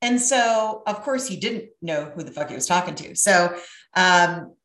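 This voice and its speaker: A middle-aged woman telling a brash, profane, animated story in casual chat. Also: lowish voice, unhurried, echoey room.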